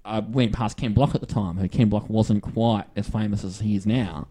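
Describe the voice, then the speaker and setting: A man's voice: lowish voice, moderate pace. An Australian man from Western Australia, co-hosting a podcast and telling long, rambling anecdotes in a casual chat. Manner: rambling, animated anecdotes with acted-out quotes. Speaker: podcast co-host.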